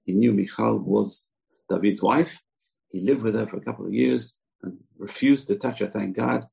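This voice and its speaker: A man's voice: on the low side, normal speed, creaky, mellow, husky, low-quality recording. A man teaching a scripture lesson in a chatty, digressive way, with side comments. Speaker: Torah teacher.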